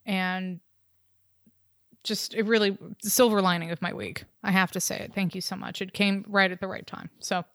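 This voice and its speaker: A woman's voice: medium pitch, steady tone, normal speed, fairly bright tone, dry recording. A woman co-hosting a podcast in casual, rambling chat over a call, laughing often. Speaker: podcast co-host. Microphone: remote call recording.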